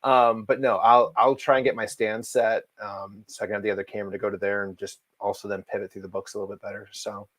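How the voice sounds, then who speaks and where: A man's voice: on the low side, little pitch movement, fast talker, hardly any pauses, fairly bright tone, dry recording. A man co-hosting a comic book livestream, chatting in an easygoing way with frequent restarts. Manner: easygoing, stumbling restarts, self-mocking. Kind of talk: casual chat.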